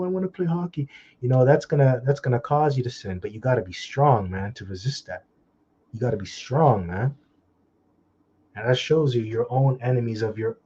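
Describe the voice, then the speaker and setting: Blunt man preaching, husky and dull. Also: mid-range voice, mellow. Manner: blunt, scolding, mocking asides; slow, drawn-out scripture reading. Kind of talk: informal scripture commentary.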